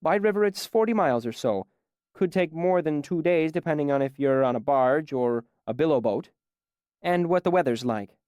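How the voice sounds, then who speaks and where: Brusque bustling innkeeper woman, high and sharp-tongued, storybook reading, voiced by a male narrator. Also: animated, no room sound, studio quality. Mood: brisk. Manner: brisk and snappish.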